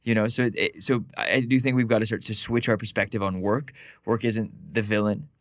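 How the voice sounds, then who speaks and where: A man co-hosting a podcast, telling stories in a casual, animated way, with quick asides and lots of "like". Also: fairly low pitch, no echo, clean studio sound. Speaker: podcast co-host.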